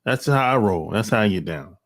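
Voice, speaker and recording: Speaking into a cell phone, a vlogger from the United States delivers an offhand opinion monologue full of slang, bluntness and sarcastic asides. His voice runs on the low side, animated and a little fast.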